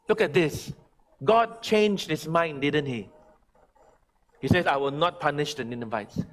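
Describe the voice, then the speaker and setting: A male pastor preaching a sermon, swinging from loud, high emphatic lines to quiet, pleading ones. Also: a little slow, long pauses. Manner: preaching with big swings from shouting to hushed pleading. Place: church sanctuary.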